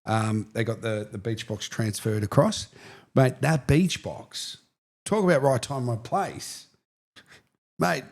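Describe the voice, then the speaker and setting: A middle-aged man with an Australian accent, co-hosting a casual real estate chat and telling anecdotes with lively energy. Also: mid-range voice, a little slow, creaky. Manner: storytelling, animated, says "mate". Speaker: real estate agent, podcast co-host.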